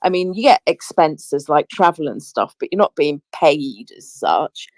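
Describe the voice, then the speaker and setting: A woman co-hosting a casual online group chat, talking in a chatty, animated way with lots of asides. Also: deep voice, measured pace, dry recording. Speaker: co-host. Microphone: remote audio chat.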